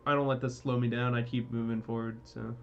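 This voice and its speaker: A man's voice: medium pitch, level tone, brisk, gravelly, a little hiss or hum. Man with a dull lo-fi mic, keys tapping. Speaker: player. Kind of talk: casual play at a tabletop game. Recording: dull lo-fi mic, faint keyboard typing.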